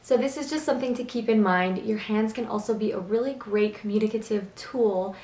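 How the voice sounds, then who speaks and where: A woman hosting a self-improvement vlog, explaining tips in a calm, earnest, instructive way. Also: mid-range voice, a little fast. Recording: echoey room.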